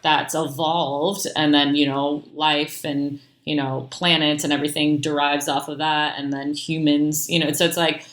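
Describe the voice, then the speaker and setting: A woman's voice: deep voice, flat delivery, normal speed, hardly any pauses, fairly bright tone. A young woman guest on a podcast chatting casually, rambling with lots of "like" and acting out her own thoughts in quotes. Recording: roomy podcast audio.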